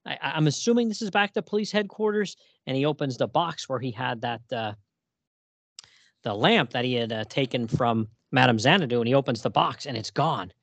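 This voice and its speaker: A man casually recapping a comic story on a podcast. He laughs often and reads the characters' lines in quick put-on voices. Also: medium pitch, creaky, dry recording. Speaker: podcast co-host.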